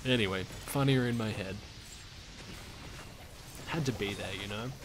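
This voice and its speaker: Man, slow unhurried chat, casual swearing, noisy ambience. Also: lowish voice. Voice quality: laid-back, chuckling, swears casually. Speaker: streamer. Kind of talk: casual gaming stream chat.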